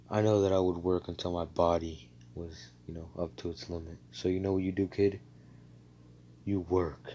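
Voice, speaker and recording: A man's voice: low voice, darkish tone, muffled recording. A man voicing a determined young male warrior in a fan story, earnest and insistent, hammering his point home through repetition. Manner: earnest, insistent, repeating himself for emphasis.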